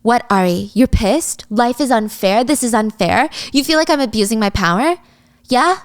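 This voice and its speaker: A woman's voice: a little high, lively intonation, normal speed, dry recording, studio quality, close to an everyday voice. A woman voicing a proud, crude female influencer who mocks and taunts in a raised voice. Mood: taunting. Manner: mocking, taunting.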